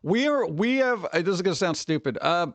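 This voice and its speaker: Host excitable streamer guy, high voice, dry close sound, rambling chat. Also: fairly quick, no room sound. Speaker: livestream host. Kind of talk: casual live-stream chat.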